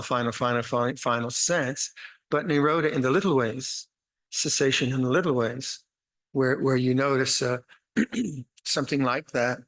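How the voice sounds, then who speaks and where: An older man gives a dharma talk at a meditation retreat, his voice at an ordinary middle pitch. He speaks slowly and haltingly, often repeating words and restarting his sentences. His manner is gentle and wry as he teaches. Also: rough recording. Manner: gentle, wry, laughs at his own jokes.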